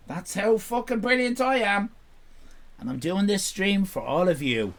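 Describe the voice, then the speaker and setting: Male streamer, rambling and self-mocking, very animated pitch. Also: a little slow. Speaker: live streamer. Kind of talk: casual live-stream chat.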